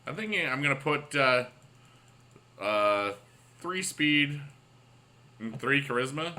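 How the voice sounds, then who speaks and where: Bright, rambling man on late-night gameplay. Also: medium pitch, lively intonation, takes it slowly. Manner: rambling, upbeat, many fillers and restarts. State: up late on caffeine. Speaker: YouTube gaming host. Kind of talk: casual gameplay commentary.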